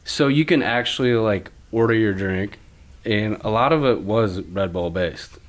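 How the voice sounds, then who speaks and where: A man's voice: lowish voice, a little slow. A young adult man who is a recruiter, a guest telling a story in a laid-back, casual way. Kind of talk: casual chat.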